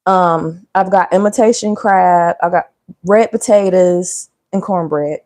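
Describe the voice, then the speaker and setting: A woman's voice: lowish voice, unhurried, a little mellow. A woman chatting casually and joking with viewers during a cooking livestream. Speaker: livestream host.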